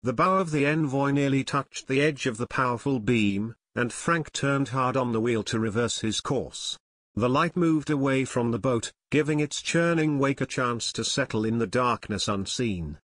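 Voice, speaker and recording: Steady male audiobook narrator, dry close sound. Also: mid-range voice, moderate pace, no room sound. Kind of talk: scripted narration.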